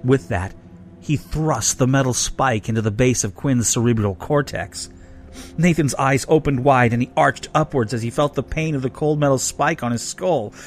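A man reading a fan roleplay story aloud in a steady, measured way. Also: medium pitch, soft background music. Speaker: story reader.

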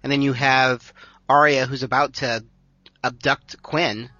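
A man's voice: medium pitch, fairly even intonation, unhurried, pushed and bright, no room sound. A man co-hosting a podcast, talking things through at length in casual chat and laughing easily. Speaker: podcast co-host. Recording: dry, slightly dull lo-fi sound.

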